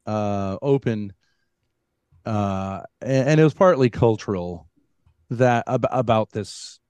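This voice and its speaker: A man on a debate panel, talking haltingly with many stops and restarts as he argues. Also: lowish voice, darkish tone, smooth, dry recording. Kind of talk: heated debate.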